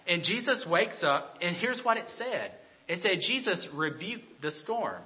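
Animated male preacher, lo-fi sound. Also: a little high, normal speed. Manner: animated, repeats words, drops to a soft earnest tone. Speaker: pastor. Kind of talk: sermon. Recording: dull lo-fi sound.

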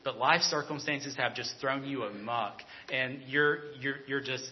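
A man preaching a sermon, animated and repeating himself, then dropping into a soft, earnest tone. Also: medium pitch, a little slow, slight background noise. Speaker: pastor. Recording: dull lo-fi sound.

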